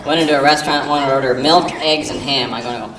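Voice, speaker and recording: A man performing a live stand-up routine, mock-earnest and rambling, with sudden loud silly outbursts. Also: medium pitch, steady tone, fast. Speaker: stand-up comedian. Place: live comedy venue with audience. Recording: echoey live recording from a distance with audience noise.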